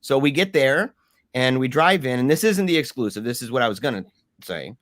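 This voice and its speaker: A man guest telling a story in casual talk, animated, with many restarts and fillers. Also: mid-range voice, brisk, no room sound, clean studio sound.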